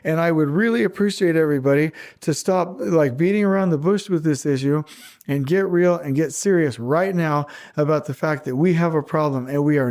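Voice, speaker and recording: A man's voice: a little high, normal speed, darkish tone. A man in his forties hosting a podcast, blunt and combative, repeating his points for emphasis. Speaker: podcast host. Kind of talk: fired-up podcast rant.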